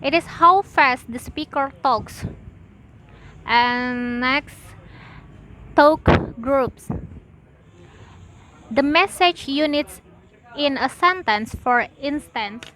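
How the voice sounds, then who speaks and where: A woman's voice: high voice, sharp tone, slight background noise, rough recording. A young woman, a student, reading out a class presentation in a careful, list-like way. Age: young adult. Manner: slow, careful, list-like delivery.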